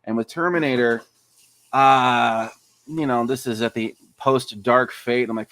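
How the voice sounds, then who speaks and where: Animated man, dry close mic. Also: mid-range voice, unhurried, no echo. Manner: animated, swears, acts out quotes in funny voices. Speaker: podcast guest, fan film director. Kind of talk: casual interview chat.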